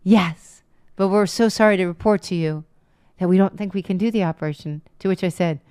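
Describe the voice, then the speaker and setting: A woman's voice: fairly low pitch, fairly quick, a little mellow, clean tone. A woman, the host's wife, telling a story in a dry, matter-of-fact way on a live show. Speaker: guest, comedian's wife. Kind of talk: casual storytelling.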